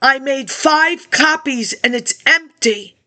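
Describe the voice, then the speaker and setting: High, bright-voiced rambling woman. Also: takes it slowly. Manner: rambling, jumping between topics. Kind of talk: rambling monologue, reading old documents aloud. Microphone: laptop webcam.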